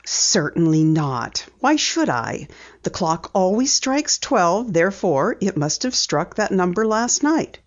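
A woman's voice: fairly low pitch, very animated, slow. A woman reading an audiobook, voicing a prim older housekeeper who is easily exasperated. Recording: dull lo-fi audiobook recording.

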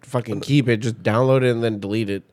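Young podcast dude ranting, swears nonstop, dry close mic. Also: male voice, mid-range voice, steady tone, quick pace, a little mellow, no room sound. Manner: profane ranting, swears constantly. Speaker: podcast co-host. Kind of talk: casual podcast banter.

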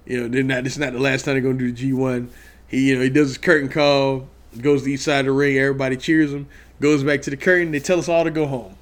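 Excitable, profane man telling a trip story. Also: fairly high pitch. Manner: profane, excitable, lots of "you know what I mean". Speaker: vlogger recounting a trip. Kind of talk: casual storytelling rant.

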